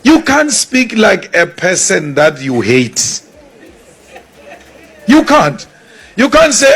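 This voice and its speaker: A man with a South African accent giving a forceful political speech, repeating his lines for emphasis. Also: high voice, sing-song, slow pace, vocal fry, breathy edge. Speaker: political speaker.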